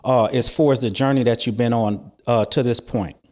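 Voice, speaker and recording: A man co-hosts a sports interview in a loose, conversational register. His questions wander and come padded with casual fillers, delivered at a comfortable middle pitch. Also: fairly even intonation, moderate pace, darkish tone. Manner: laid-back, slangy, leading questions with lots of fillers. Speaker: interview co-host.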